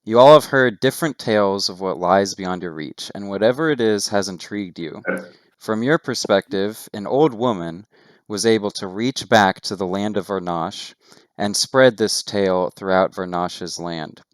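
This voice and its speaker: Low smooth-voiced man narrating as game master. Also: moderate pace, dry recording, clean studio sound. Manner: steady descriptive narration with casual asides.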